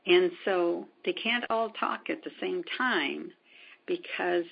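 Woman storyteller, low-pitched gravelly husky voice, lo-fi recording. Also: slow. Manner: retells events with quoted dialogue, many ums. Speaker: spiritual healer guest. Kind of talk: storytelling in a conversation. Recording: dull lo-fi sound.

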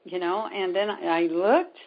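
A woman who is a spiritual healer appears as a guest, telling stories in conversation and retelling events with quoted dialogue and many ums. Her voice is low-pitched, gravelly and husky, and she speaks slowly, captured in a dull lo-fi recording.

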